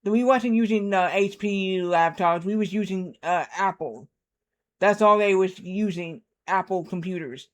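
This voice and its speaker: While gaming on stream, a thirtysomething man spins a meandering story full of repetitions and performed quotes, speaking in a high voice at an unhurried pace.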